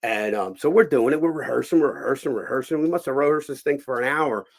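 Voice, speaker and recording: A middle-aged man with an ordinary, mid-pitched voice tells long anecdotes in a relaxed podcast chat. He livens the stories by acting out what each person said, stumbling and restarting as he goes. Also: fast talker. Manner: animated anecdote teller, acts out quoted dialogue. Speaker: podcast guest and boxing promoter. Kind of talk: casual storytelling chat.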